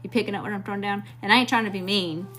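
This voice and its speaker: A woman's voice: mid-range voice, steady tone, very fast, over loud music. A woman from Mississippi with a Southern accent, giving a blunt, slangy live tarot reading straight to her viewers. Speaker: tarot reader.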